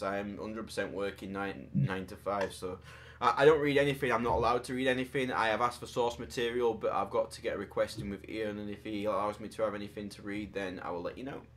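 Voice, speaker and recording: Guy rambling thru toy statues, lowish voice, jokey and self-deprecating. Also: a bit bright, slight background noise. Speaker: podcast host. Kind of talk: casual chat reviewing collectible statues.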